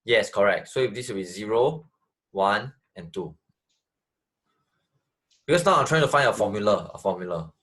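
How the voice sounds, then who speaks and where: A man's voice: fairly low pitch, lively intonation, normal speed, long pauses, a bit bright. A man tutoring math, explaining step by step, repeating phrases and checking that his student follows. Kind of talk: online tutoring lesson.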